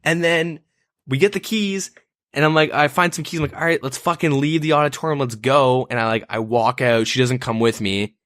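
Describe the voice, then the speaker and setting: A man's voice: mid-range voice, brisk, a bit bright, no echo, studio quality. A man co-hosting a podcast, telling a story in casual banter, profane and rambling with lots of fillers. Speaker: podcast co-host.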